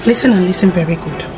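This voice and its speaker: A woman's voice: on the low side, close to an everyday voice, poor audio. An actress with a Nigerian accent playing a proud young woman who taunts others coldly. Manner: taunting, cold. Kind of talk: Nollywood drama acting.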